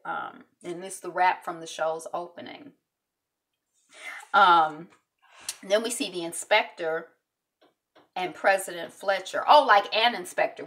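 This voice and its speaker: A woman with a lowish voice talks through a TV episode in a loose, chatty way. She fills gaps with ums and jumps up in pitch to act out the characters' lines. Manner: chatty, many ums, acts out quotes in lively voices. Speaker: TV recap host. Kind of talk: casual TV episode recap.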